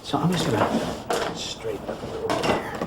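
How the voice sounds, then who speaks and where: A man's voice: a little fast, background noise. Give me a man hosting a children's show, chatting playfully to the viewers. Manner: friendly, playful, talks to camera. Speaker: show host, harbour master.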